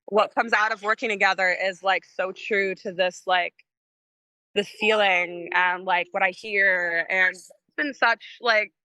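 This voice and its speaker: Bright-voiced woman telling a rambling story. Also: medium pitch, steady tone, measured pace, clean tone, no room sound. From Michigan. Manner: rambling storytelling with lots of fillers and laughter; acts out quoted lines in a raised voice. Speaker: guest musician. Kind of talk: casual interview chat.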